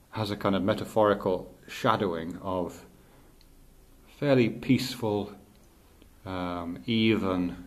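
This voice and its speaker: A middle-aged male teacher thinking aloud in a halting, reflective way, with many restarts. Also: sits low. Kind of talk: unscripted spoken reflection.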